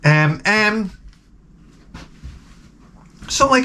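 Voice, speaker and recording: Middle-aged man, casual vlogger, profane and animated ranter, slightly high voice. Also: normal speed. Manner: profane, animated, ranting with put-on exasperated quotes. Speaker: vlogger showing garage sale finds. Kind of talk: casual storytelling vlog.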